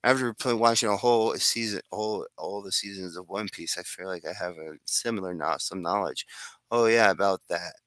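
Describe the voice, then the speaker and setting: A man's voice: deep voice, steady tone, fairly quick, few pauses, fairly bright tone, dry recording. A man casually telling his own improvised fan story, rambling with restarts and asides.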